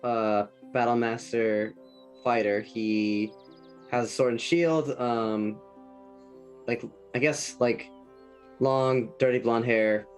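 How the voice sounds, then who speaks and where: Slow, low-key man off the mic. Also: fairly even intonation, soft background music. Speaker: player. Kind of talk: casual tabletop chat.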